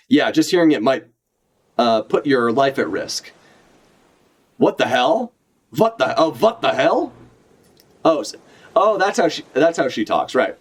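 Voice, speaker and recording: A man talking casually to his stream about a comic chapter, his voice sitting at an ordinary middle pitch. He rambles, swears freely and keeps correcting himself mid-sentence. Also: big pitch swings, a little slow. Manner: rambling, profane, self-correcting. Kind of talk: casual live reaction chat.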